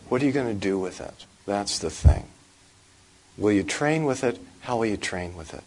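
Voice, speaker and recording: A male Buddhist monk giving a dharma talk, speaking slowly and deliberately with wry humor. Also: lowish voice, lively intonation, darkish tone, a little hiss or hum, rough recording.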